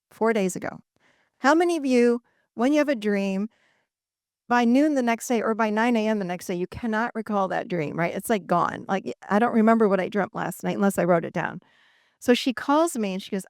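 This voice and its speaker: A woman talks to a live audience with a fairly high voice and tells her stories expressively. She acts out the other people's voices and laughs often. The sound is dry and close, with little room echo. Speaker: speaker at a live event. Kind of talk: animated talk to a live audience.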